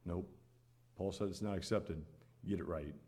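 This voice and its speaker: A man's voice: deep voice, normal speed, a little mellow. Earnest man preaching a sermon. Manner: earnest, repeats phrases for emphasis, rises to exhort.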